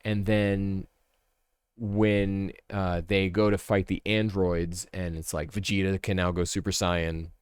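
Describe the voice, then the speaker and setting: A man's voice: sits low, level tone, takes it slowly, smooth, dry recording, clean studio sound. A man chatting casually as a streamer, rambling and thinking aloud, often correcting himself mid-sentence. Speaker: streamer ranking a series. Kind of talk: casual chat.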